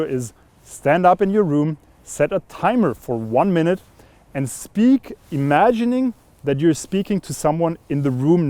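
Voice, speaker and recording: A young man with a slightly high, dark-toned voice teaches straight to camera with no room sound. As a voice and communication coach, he's upbeat and instructive while explaining a voice exercise to viewers.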